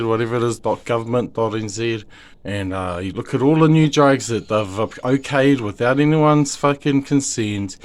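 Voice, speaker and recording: New Zealand dad, mid-pitched, emotional and rambling plea to camera, heavy swearing. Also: male voice. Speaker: father; video maker. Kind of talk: impassioned direct-to-camera monologue.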